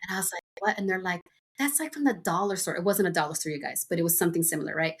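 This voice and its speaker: Husky-voiced woman telling rambling stories. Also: on the low side, fast. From United States. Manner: rambling storyteller with many fillers and asides. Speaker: guest. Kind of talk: casual chat.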